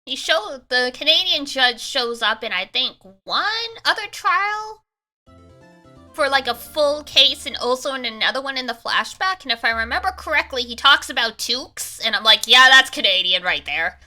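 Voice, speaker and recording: A woman's voice: high voice, animated, normal speed, pushed and bright, faint music behind. A young adult woman streamer giving chatty, joking commentary while playing a game, laughing often. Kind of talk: let's-play commentary.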